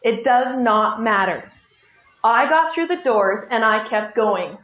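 A middle-aged woman giving a personal testimony at a recovery meeting, telling her story with lively self-mockery and acting out what people said. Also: on the high side, slow pace. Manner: lively, self-mocking storytelling with acted-out quotes. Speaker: speaker sharing at a recovery meeting. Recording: echoey room, dull lo-fi sound.

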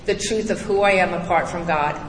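A woman's voice: on the low side, brisk, a little hiss or hum. A middle-aged woman giving a candid, emphatic recovery testimony to a crowd, recorded in a large hall. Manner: candid, emphatic, blunt storytelling. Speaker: recovery speaker. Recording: echoey hall, distant mic.

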